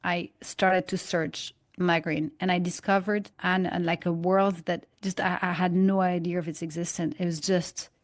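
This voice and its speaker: A woman guest in an interview, telling stories and acting out dialogue and analogies in an animated way. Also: fairly low pitch, normal speed, hardly any pauses, no echo, clean studio sound. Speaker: guest, holistic migraine practitioner. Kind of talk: conversational interview, storytelling.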